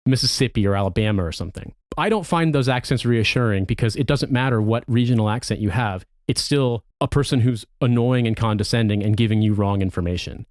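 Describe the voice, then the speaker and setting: A man's voice: lowish voice, fairly quick, few pauses, a little mellow, dry recording, studio quality. An American man, a podcast co-host, ranting in casual chat with plenty of profanity. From United States.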